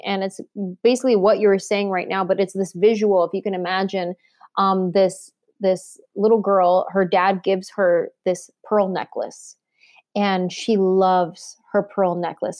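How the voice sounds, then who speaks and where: A woman in casual conversation about faith, telling stories with lively acted-out quotes. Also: medium pitch, no room sound, clean studio sound. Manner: animated storyteller, acts out quotes. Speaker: podcast guest.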